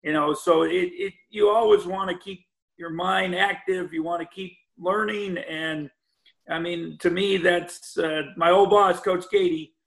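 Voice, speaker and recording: Older coach with a gravelly voice. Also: male voice, high-pitched, fairly even intonation, a little slow, a bit bright. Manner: rambling, many restarts and "you know" fillers. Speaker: college basketball head coach. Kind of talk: podcast interview over a call.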